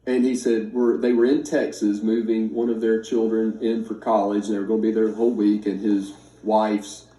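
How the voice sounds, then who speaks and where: A man in his fifties telling a story casually to family and friends, acting out the quoted voices with lively emphasis. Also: lowish voice, normal speed. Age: 50s. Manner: animated, acts out quoted speech. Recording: roomy sound from a distance.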